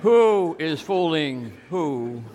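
A pastor preaching an Easter sermon, telling stories and asking rhetorical questions. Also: male voice, fairly high pitch, very animated, drawn-out words, darkish tone, a little hiss or hum. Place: church sanctuary. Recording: long reverb of a church hall.

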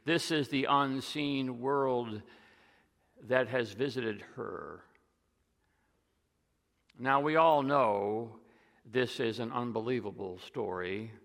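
A man preaching a sermon, retelling stories and dropping to a hush on key lines. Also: mid-range voice, slow pace, big-room sound. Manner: storytelling, drops to a soft hush on key lines.

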